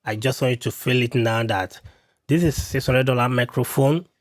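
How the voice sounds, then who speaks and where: Man, mid-pitched, chatty gear demo to camera, dry close mic. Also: normal speed, no echo. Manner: repetitive, talks to viewers directly. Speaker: tech reviewer.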